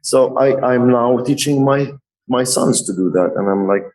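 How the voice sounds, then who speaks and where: A middle-aged man, a tattoo artist guest on a podcast, telling stories in an animated way and often laughing. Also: medium pitch, normal speed, rough recording. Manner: laughs often, lively retelling. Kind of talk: animated storytelling.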